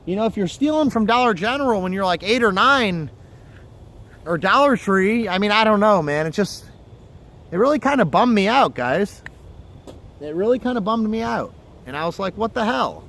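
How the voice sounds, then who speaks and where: A man's voice: high-pitched, animated, normal speed, fairly bright tone. A man hosting a fishing livestream from outdoors by the water, chatting casually and telling stories in a rambling, profane way. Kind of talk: casual chat. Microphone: phone or camera on a livestream.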